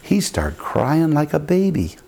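An older male pastor preaches with a fairly high voice, swinging into sudden lifts when he quotes people. He tells his story in an animated way, with pauses and repeats. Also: vocal fry. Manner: animated preaching, acting out quotes with big pitch jumps. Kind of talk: sermon storytelling.

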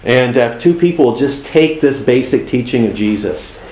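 A man's voice: mid-range voice, animated, normal speed, a little mellow, echoey room, rough recording. A man preaching a sermon in a conversational way, with folksy asides and acted-out exchanges. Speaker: pastor.

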